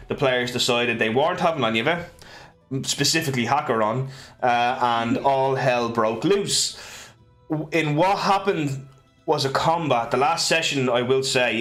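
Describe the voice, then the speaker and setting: A man's voice: medium pitch, fairly bright tone. An Irish man in his twenties, a game master hosting a casual livestream, recapping with jokes, fillers and restarts. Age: 20s. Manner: joking, rambling, many fillers and restarts. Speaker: game master and stream host.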